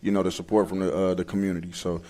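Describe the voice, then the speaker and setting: A man, a high school football coach speaking earnestly with many fillers. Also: little pitch movement, rapid-fire, dark tone. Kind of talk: casual interview.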